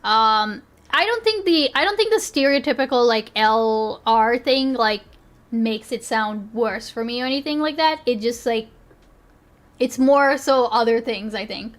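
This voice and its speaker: Woman streamer, high voice, casual chat, breaks off mid-sentence and restarts a lot. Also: unhurried. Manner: self-interrupting, frequent restarts and laughs.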